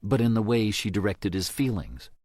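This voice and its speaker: Male audiobook narrator with a fairly low voice. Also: very animated, moderate pace, darkish tone, no echo, studio quality.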